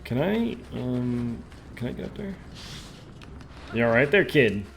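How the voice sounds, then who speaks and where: A man's voice: medium pitch, big pitch swings, measured pace, gravelly, a little hiss or hum. A young man hosting a podcast, joking and reacting aloud while playing a video game. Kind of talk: casual gaming chat.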